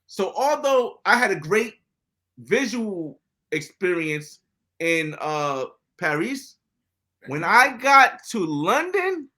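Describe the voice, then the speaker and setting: An American man, a podcast guest, telling travel stories in a casual, animated way, often acting out other people's lines. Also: high voice, slow. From United States. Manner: animated, acts out quoted dialogue. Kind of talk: casual storytelling interview.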